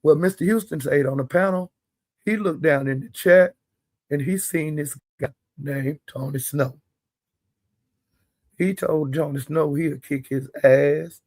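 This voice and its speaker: A man's voice: fairly high pitch, measured pace, a little mellow, dry recording. An older man giving blunt, profane commentary in casual chat. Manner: blunt, profane, plain-spoken. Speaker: live-stream commentator.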